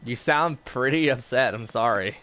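A man's voice: medium pitch, moderate pace, bright, forceful tone. A man chatting casually in a rambling way while streaming gameplay. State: has the hiccups. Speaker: gaming streamer.

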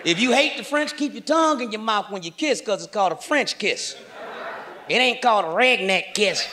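A middle-aged man doing a brash, profane stand-up comedy set on a live stage, speaking into a handheld mic with loud punchlines. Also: sits high, lively intonation, normal speed. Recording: live show with crowd and noise.

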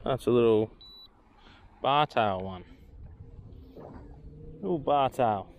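A man's voice: medium pitch, expressive, slow pace, clear, resonant tone, highs cut off. An Australian man on a boat outdoors, giving casual, chatty commentary as he fishes and talks to the fish he catches. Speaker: fishing vlogger.

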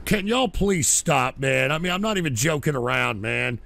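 A man hosting a call-in radio show, cursing and erupting into shouting. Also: mid-range voice, animated, moderate pace, vocal fry. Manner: explosive, cursing, blows up into shouting.

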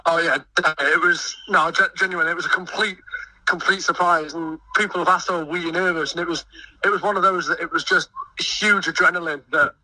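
A young man who sings in a choir and volunteers at a festival, talking excitedly in a radio interview and often stumbling over his words. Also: fairly high pitch, fairly quick, no room sound, recorded from a distance, rough recording. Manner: eager, stumbling restarts. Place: busy outdoor festival field.

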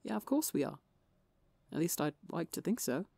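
Woman reader voicing a laid-back teasing young man, faintly gravelly. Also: deep voice, normal speed, no echo, full character voice. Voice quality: slightly gravelly. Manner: teasing and relaxed. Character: teasing, easygoing young man, warm older-brother type.

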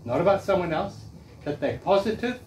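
A man's voice: high voice, big pitch swings, a little fast, a little mellow. A man in his fifties giving a live talk to a room, coaching listeners through affirmations and repeating key phrases. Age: 50s. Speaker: workshop speaker. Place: meeting room with audience. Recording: distant room mic with faint noise.

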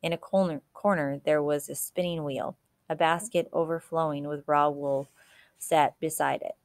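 A woman reading a children's novel aloud in a steady storytelling manner, with the odd slip and restart. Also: deep voice, normal speed, no room sound, clean studio sound. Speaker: reader.

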